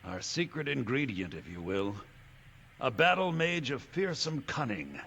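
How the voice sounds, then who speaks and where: Gravelly pirate captain, bright forceful voice, swaggering, sly, game character. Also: male voice, medium pitch, very animated, a little hiss or hum, heavily acted. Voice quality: put-on old-time pirate accent. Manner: theatrical, drawn-out pirate drawl.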